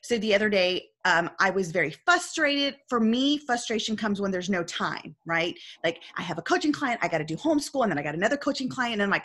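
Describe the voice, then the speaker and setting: A woman's voice: mid-range voice, lively intonation, a little fast, hardly any pauses, fairly bright tone. A woman coach talking earnestly in a casual discussion, telling a story and often checking in with "right?".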